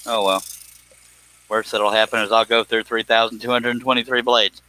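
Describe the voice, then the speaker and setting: A man hosts a woodworking live stream, chatting casually while he scroll saws, in a lowish, sharp voice with a flat delivery at normal speed. He jokes, rambles away from the topic, and drops into put-on voices. The audio quality is poor.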